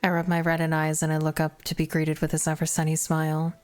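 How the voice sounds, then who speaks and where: A woman streamer reading a visual novel aloud, narrating in first person with expressive, self-mocking asides. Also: sits low, quick pace.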